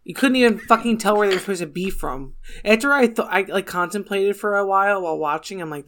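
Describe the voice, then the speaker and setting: A woman's voice: mid-range voice, quick pace, hardly any pauses, a bit bright. A woman co-hosting a casual movie review chat, blunt and cranky, swearing freely as she complains.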